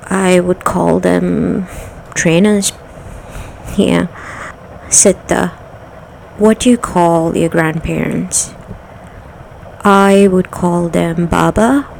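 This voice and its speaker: A woman's voice: fairly low pitch, gravelly, darkish tone, a little hiss or hum, poor audio. A woman from the United Arab Emirates with an Arabic accent, reading out questions to camera and answering each one plainly. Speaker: vlogger doing an accent challenge.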